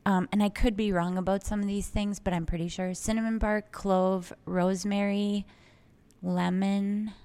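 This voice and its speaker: A young woman co-hosting a casual chat, telling a chatty, animated story about a customer at her aromatherapy shop and acting out their exchange. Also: medium pitch, normal speed, clean tone. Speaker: podcast co-host, aromatherapy shop owner.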